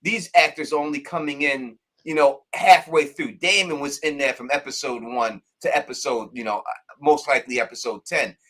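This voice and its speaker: A man's voice: medium pitch, normal speed. A man hosting a live call-in stream, chatting casually and animatedly. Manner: animated, laughing, acts out characters. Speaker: show host.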